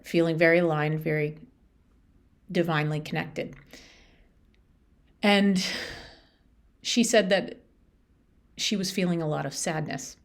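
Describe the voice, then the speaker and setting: A woman hosting her own podcast, talking through a personal story in an earnest, chatty, reflective way with frequent restarts. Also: on the low side. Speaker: podcast host. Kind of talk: casual reflective monologue.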